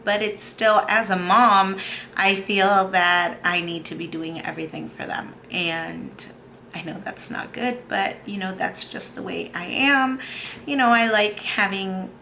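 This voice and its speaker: A woman in her thirties talking in a personal video diary, soft and halting, with many pauses and fillers, close to tears. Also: mid-range voice, fairly even intonation, a little hiss or hum. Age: 30s. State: emotional, on the verge of tears. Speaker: vlogger.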